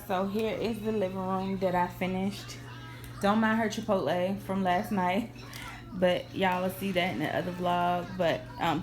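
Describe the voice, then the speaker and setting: Chatty young woman vlogging from her kitchen. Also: mid-range voice. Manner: chatty, addresses viewers as y'all, sighing, fighting back tears. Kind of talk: casual cooking vlog chat. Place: home kitchen. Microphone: camera on a tripod.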